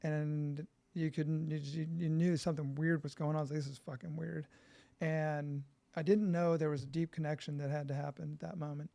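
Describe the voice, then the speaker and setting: A middle-aged man from California, a podcast guest, telling his story in an animated, profane way and acting out quotes. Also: on the high side, fairly quick, gravelly, few pauses.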